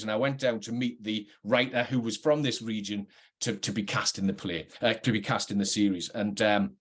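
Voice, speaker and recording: A middle-aged man with a working-class Geordie accent, an actor reflecting earnestly and hesitantly on his career, often restarting his sentences. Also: medium pitch. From North East England. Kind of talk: reflective talk to camera.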